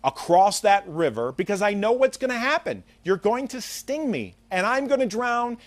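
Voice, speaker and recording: A man voicing a wary, nervous male frog in a spoken fable, pitching his voice up and pleading. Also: very animated, normal speed, dry recording. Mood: alarmed. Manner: pleading, alarmed.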